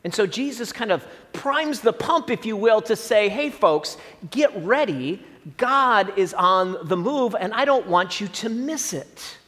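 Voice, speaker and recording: Middle-aged man, pastor, high bright voice with a wide swing, chatty sermon delivery, reverberant hall sound. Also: a little slow. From Southern Illinois. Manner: conversational, animated preaching with asides to the congregation.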